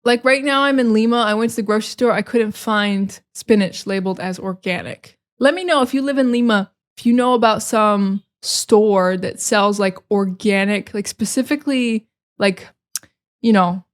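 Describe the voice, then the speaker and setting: A young American woman hosting a casual solo podcast, sarcastic and expressive, slipping into dramatic mock rants. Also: medium pitch, normal speed. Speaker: podcast host.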